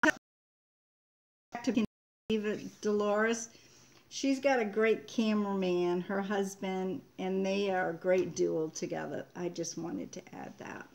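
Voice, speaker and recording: Slow-talking older woman, chatty host. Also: medium pitch, vocal fry. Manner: chatty, reads viewer comments aloud. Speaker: homestead channel host. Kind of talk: casual live-stream chat.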